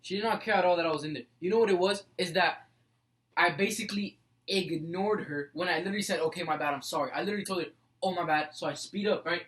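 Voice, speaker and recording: A young man co-hosting a casual podcast, telling animated school stories full of "like" and "bro.". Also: high voice, fast, rough recording. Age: young adult. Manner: animated storyteller, fills with "like" and "bro". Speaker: podcast co-host. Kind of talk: casual chat.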